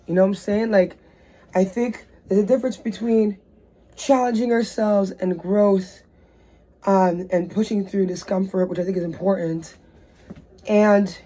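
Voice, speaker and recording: A woman's voice: mid-range voice, dark tone. A woman hosting her own vlog, talking casually and rambling from a bedroom with lots of fillers. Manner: rambling, chatty, many fillers. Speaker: vlogger host. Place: bedroom indoors.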